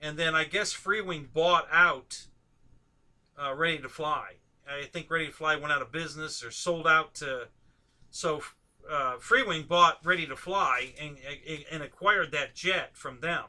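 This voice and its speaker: A man with a high, very bright voice hosts a relaxed live stream conversation. He talks in a loose, chatty way, often laughing and tossing questions to the people he is talking with. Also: measured pace. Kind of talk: casual chat on a live stream.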